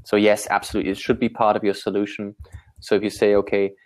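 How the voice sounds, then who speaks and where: A man from Austria whose first language is German, a guest on a live online talk giving startup pitch advice in an emphatic, energetic way. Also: quick pace. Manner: energetic, emphatic, repeats words when starting a point.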